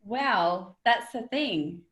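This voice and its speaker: A woman's voice: medium pitch, animated, extremely slow, a bit bright, echoey room. A woman guest on an interview, talking casually and impulsively, laughing often. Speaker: business planner guest.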